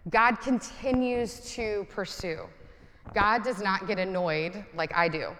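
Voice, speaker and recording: A woman's voice: mid-range voice, slow, fairly bright tone, a little hiss or hum. Woman preaching in a reverberant hall. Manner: conversational, self-deprecating humor. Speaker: pastor. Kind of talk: sermon.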